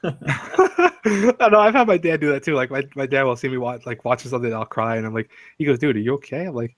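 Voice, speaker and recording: Fast-talking young man hosting a stream. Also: mid-range voice, lively intonation, no room sound. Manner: rambling, jokey, many restarts. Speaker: stream host. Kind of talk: casual live-stream chat.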